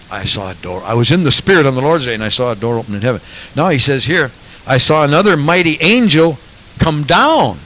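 A man's voice: mid-range voice, fairly bright tone, rough recording. A man preaching a sermon, quoting scripture and pressing his points with rhetorical questions. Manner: emphatic, rhetorical questions, quotes scripture in King James wording. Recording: faint hiss.

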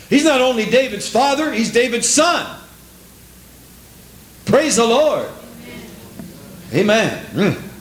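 A man's voice: sits high, echoey room. A man preaching a sermon with a sing-song cadence, repeating phrases and quoting scripture in old biblical wording.

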